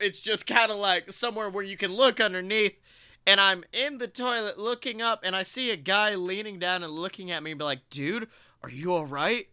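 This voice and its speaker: Podcast co-host, young man, high bright voice, smooth and clear, rambling anecdotes with laughs. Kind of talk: casual storytelling chat.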